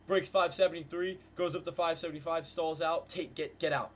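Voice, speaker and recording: A man hosting a live trading stream, calling market moves to his viewers in a hyped, slangy way and repeating phrases in quick bursts. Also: on the high side, steady tone, a little hiss or hum. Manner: hyped, slangy, talks to chat with "guys" and "bro". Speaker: trading livestream host. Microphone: desk mic with headphones.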